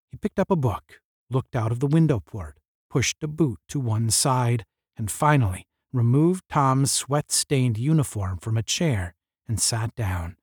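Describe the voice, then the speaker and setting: A man narrating a novel aloud in a steady storytelling manner. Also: medium pitch, husky, no echo, studio quality.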